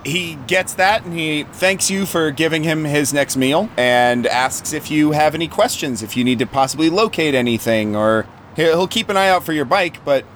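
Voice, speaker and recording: A man's voice: fairly high pitch, moderate pace, a bit bright, a little hiss or hum. A man narrating as game master of a tabletop game, in a casual, joking manner.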